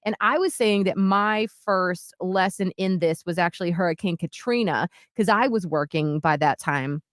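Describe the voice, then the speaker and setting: A woman in her early forties co-hosting a podcast, talking in a chatty, animated way. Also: lowish voice, normal speed, dry recording, clean studio sound. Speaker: podcast co-host. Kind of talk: casual chat.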